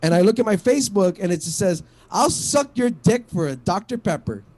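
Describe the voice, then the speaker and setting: A man with a fairly high voice works through a stand-up set. He rambles, swears freely and stumbles over restarts and a steady stream of fillers. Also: a little fast. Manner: rambling, profane, lots of "like" and restarts. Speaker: stand-up comic. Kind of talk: stand-up set at an online open mic.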